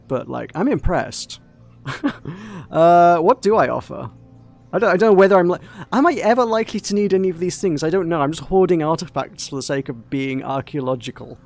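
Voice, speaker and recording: A man's voice: fairly high pitch, a little mellow. A man hosting a let's play, giving casual, rambling commentary with many hesitations. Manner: rambling, hesitant, laughs at the game.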